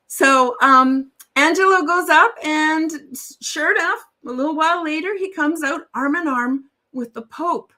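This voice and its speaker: A woman's voice: sits high, measured pace, hardly any pauses, sharp tone. A woman guest on a live stream, chatty and self-deprecating as she tells a joke over a video call.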